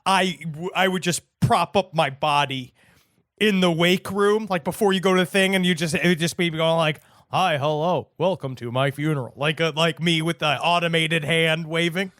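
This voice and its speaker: High-voiced irreverent joking man. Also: fairly even intonation, moderate pace, fairly bright tone, no room sound, studio quality. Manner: irreverent, crude jokester. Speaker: podcast co-host. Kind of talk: casual comedic chat.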